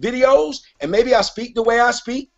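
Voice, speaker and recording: A man's voice: very high voice, moderate pace, dull audio. A man hosting a live online hangout, arguing with a caller, often cutting in and asking to finish his point. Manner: argumentative, cuts in, keeps repeating "wait a minute". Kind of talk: heated live debate. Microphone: online call audio.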